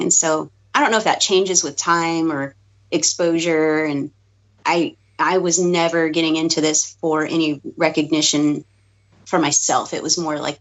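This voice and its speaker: A woman chatting casually as a podcast guest co-host, talking quickly with lots of fillers and giggles. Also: deep voice. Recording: dull lo-fi podcast audio.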